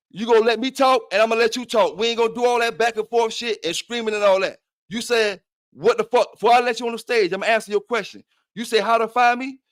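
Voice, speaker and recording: High-voiced man trash-talking. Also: a bit bright. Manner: profane, taunting, challenging. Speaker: livestream host. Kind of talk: heated livestream trash talk.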